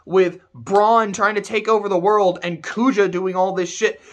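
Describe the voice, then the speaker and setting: Animated, profane man ranting about a game. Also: high-pitched, moderate pace. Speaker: video game reviewer. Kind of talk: casual rant.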